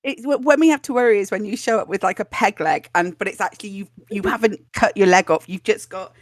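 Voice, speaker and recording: A woman's voice: medium pitch, fast talker, dry recording. A woman chatting casually and gushing with enthusiasm. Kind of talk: casual chat.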